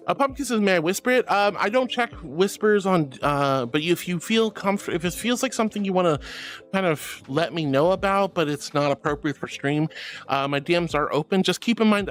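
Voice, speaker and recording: A woman streaming live, reading chat aloud in a sweet, giggly, affectionate way. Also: deep voice. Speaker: VTuber streamer.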